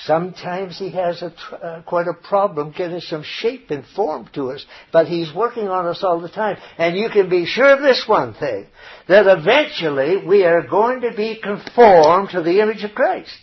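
Preacher, male, husky, slightly high-pitched; dull lo-fi sermon recording. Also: lively intonation, normal speed. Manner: emphatic, rising loud on scripture quotes.

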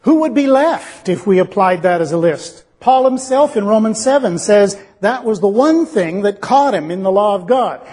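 A man's voice: high voice, lively intonation, moderate pace, few pauses, darkish tone, in a large hall. A man preaching a sermon in an earnest, reasoning way, acting out little dialogues to make his point.

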